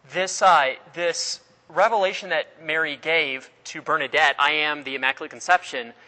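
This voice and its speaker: This religion teacher speaks in a bright, fairly high male voice while lecturing his class on religion. He quizzes students, shares stories, and keeps breaking off to restart sentences, all under a long, ringing room reverb.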